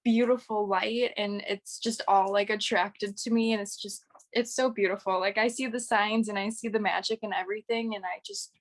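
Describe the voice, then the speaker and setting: A woman's voice: mid-range voice, steady tone, moderate pace, few pauses. A woman in her twenties, a guest in a casual interview, talking in a gushing way and saying "like" a lot. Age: 20s. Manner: gushing, says "like" often. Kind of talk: casual chat.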